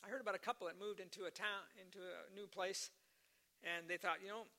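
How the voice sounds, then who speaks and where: A man's voice: sits high, steady tone, fairly quick, pushed and bright. A man preaching a sermon earnestly, repeating key phrases for emphasis and telling stories to make his points.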